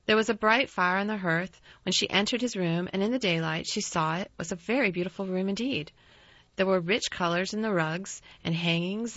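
A woman narrating a storybook in a calm, measured way. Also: on the low side, dry recording. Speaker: audiobook narrator. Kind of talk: storybook reading. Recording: slightly dull dry recording.

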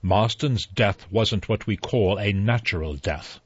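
A man's voice: lowish voice, unhurried, slightly rough, no echo. A man doing a brusque, grave doctor. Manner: brusque, matter-of-fact. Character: brusque middle-aged doctor, grave and clinical. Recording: dull lo-fi audiobook recording.

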